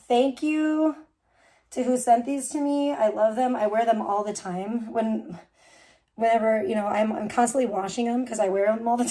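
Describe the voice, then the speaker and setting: A woman from Chicago with a Chicago accent softened by years on the West Coast, streaming live in a casual, rambling chat and often breaking off mid-sentence. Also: a little high. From Chicago, USA. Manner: reacts aloud to small mishaps. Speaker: livestreamer.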